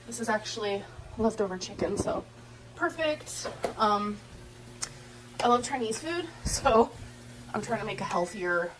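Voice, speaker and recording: A congested woman with a mid-range voice giggles and chats casually to viewers while cooking at home for her vlog, with background noise audible.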